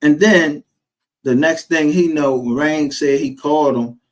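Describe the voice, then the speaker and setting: Slightly slow and fairly high in pitch, a man with a Texas accent tells stories over a rough recording. The chat is casual, full of profanity and street slang, and he animatedly performs the quotes of people in his stories.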